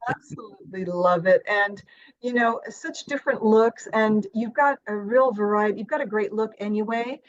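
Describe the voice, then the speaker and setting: A woman's voice: mid-range voice, moderate pace, dry recording. Effusive British woman hosting, lo-fi sound. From Britain. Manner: effusive, full of compliments. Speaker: podcast co-host. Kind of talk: casual interview chat.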